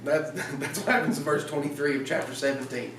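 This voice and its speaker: A man preaching a casual evening sermon in a church, telling the story in a lively way and acting out the lines. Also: a little high, fairly quick, slight background noise. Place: church sanctuary. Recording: roomy church sound from a distant mic.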